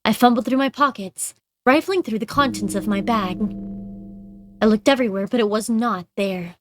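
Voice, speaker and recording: Expressive woman reading a visual novel. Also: fairly high pitch, normal speed. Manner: expressive dramatic reading, breaks into casual asides. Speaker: game streamer. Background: game background music.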